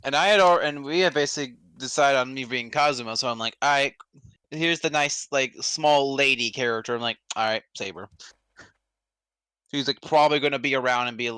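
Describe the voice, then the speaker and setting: A man's voice: medium pitch, fairly quick, bright, forceful tone, clean tone, no room sound. A man chatting casually with friends while they voice a game, joking, swearing and laughing a lot. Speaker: streamer voicing a game.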